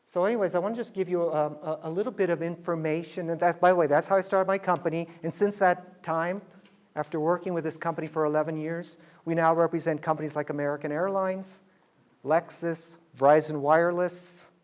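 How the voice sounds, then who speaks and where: Animated storytelling businessman. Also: fairly high pitch, a little fast. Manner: animated, acts out dialogue in quoted voices. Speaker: business speaker telling a story. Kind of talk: storytelling talk to students.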